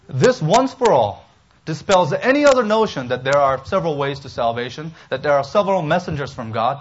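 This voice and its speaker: A man preaching an expository sermon as pastor, emphatic and animated, with humorous asides. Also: medium pitch, muffled recording.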